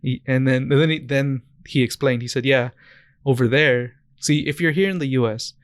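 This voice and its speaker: A young man co-hosting a casual podcast, telling stories in a smooth, clear voice. He rambles and corrects himself as he goes, and the dry sound keeps him close to the mic. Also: mid-range voice, normal speed, dry recording. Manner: rambling, many restarts and self-corrections. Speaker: podcast co-host. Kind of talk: casual chat.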